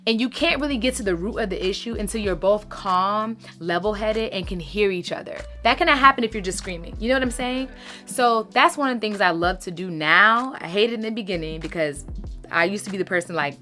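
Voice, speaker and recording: A woman's voice: medium pitch, expressive, brisk, pushed and bright, soft background music. Chatty woman giving marriage advice. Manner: chatty, emphatic, uses "sis" and "baby". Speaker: lifestyle content creator. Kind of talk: casual advice talk to followers.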